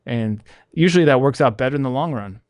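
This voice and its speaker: Candid man with a smooth, dry voice. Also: mid-range voice, fast talker, no echo, dull audio. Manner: candid, animated, acts out quoted people. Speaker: podcast host, pressure washing business owner. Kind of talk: casual podcast conversation.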